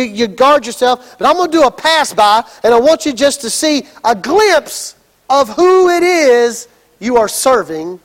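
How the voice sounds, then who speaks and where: A man's voice: very high voice, fairly bright tone, long reverb tail. A man voicing Jesus in plain, conversational words during a sermon. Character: confident male Jesus, showing his might.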